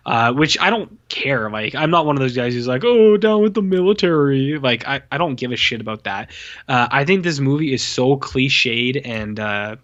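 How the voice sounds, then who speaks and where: A man's voice: mid-range voice, fairly bright tone. Profane ranting man, dull lo-fi audio. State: voice going hoarse. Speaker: podcast co-host. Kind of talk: casual film review chat.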